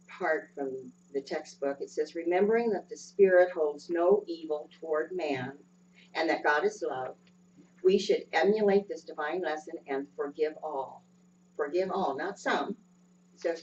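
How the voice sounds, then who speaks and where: Low-voiced woman giving a gentle sermon. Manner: gentle, unhurried, with frequent ums. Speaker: lay speaker. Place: church sanctuary. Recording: dull distant sound with faint hum.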